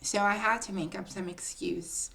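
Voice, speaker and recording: A woman telling a personal story to her viewers in a casual, confiding storytime, often calling her listeners "girl" and building drama with pauses. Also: mid-range voice, fairly even intonation, creaky, bright, forceful tone. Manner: chatty, confiding, keeps addressing listeners as "girl".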